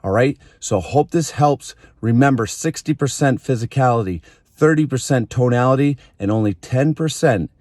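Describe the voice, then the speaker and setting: A man speaking in a motivational style, direct and emphatic, who keeps asking rhetorical questions. His voice sits at an ordinary middle pitch. The sound is dry and close, with almost no room echo. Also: normal speed, darkish tone. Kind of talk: motivational talk.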